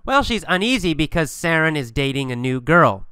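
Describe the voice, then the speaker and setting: A man's voice: a little high, moderate pace, clean tone, no echo, clean studio sound. A man teaching English through a funny mini story, asking and answering simple questions with strong emphasis. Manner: animated, repetitive, emphatic questioning.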